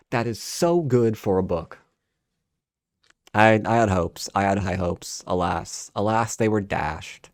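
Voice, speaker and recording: A man giving a casual, sarcastic book review, exasperated and mocking the story in quick put-on voices. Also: on the low side.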